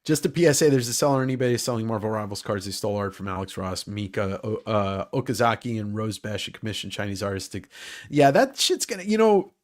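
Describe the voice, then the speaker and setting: A man's voice: fairly low pitch, lively intonation, fast. A man hosting a casual livestream chat about comics who rambles, jokes and swears freely. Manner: rambling, joking, profane. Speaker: host.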